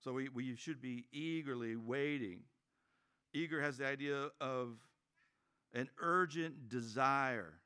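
A man's voice: mid-range voice, slow, pushed and bright, clear, resonant tone. Man, pastor, sermon, conversational, joking asides, plays quoted voices.

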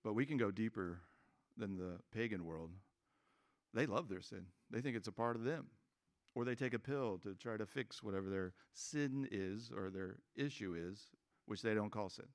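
A man's voice: fairly low pitch, normal speed. A man preaching a sermon as pastor, conversational and joking, acting out quoted voices.

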